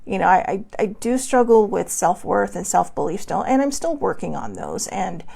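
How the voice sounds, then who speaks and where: A woman's voice: mid-range voice, animated, normal speed, creaky, dark tone, husky. A middle-aged woman hosting a casual self-help vlog from her desk at home, talking candidly and rambling with many fillers. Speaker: host.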